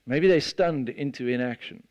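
A man preaching a sermon, retelling a scene with lively storytelling and acting out the voices of the people in it. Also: medium pitch, moderate pace, dry recording. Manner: animated storytelling, acts out the disciples' voices.

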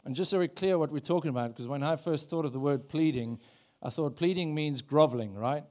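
A man's voice: fairly high pitch, fairly quick, a little mellow. A man, a pastor, preaching a sermon in a church in a conversational way, asking the congregation questions.

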